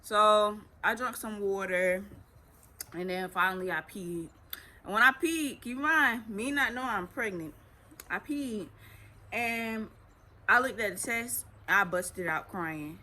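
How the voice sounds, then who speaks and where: A woman's voice: medium pitch, a little slow. A teenage girl, telling her own story casually as a vlogger and acting out what people said. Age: teens. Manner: chatty, animated retelling with acted quotes.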